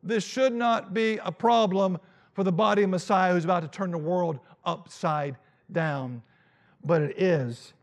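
A male pastor preaching a dramatic, animated sermon and acting out Bible scenes. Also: high voice, a little slow.

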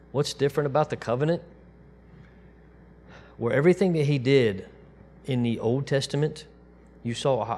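Conversational man preaching a sermon. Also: mid-range voice. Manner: conversational preaching with quiet, soft-voiced quotes of God. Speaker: pastor.

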